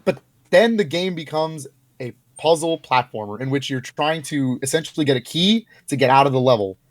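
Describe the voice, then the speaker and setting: A young male podcast co-host chats casually in a medium-pitched voice, recorded without echo. He's energetic and animated, peppering his talk with filler words and quick bursts of laughter.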